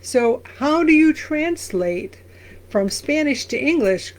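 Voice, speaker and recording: A woman pastor who reads verses aloud slowly and then explains them in a conversational way. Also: high-pitched, animated, a little mellow. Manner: briefly sings lines of an old song. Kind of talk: Bible reading and commentary.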